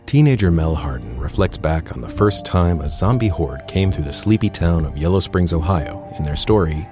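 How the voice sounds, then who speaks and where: Deep voiced guy announcing a story intro, music playing behind. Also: animated, normal speed. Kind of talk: scripted narration.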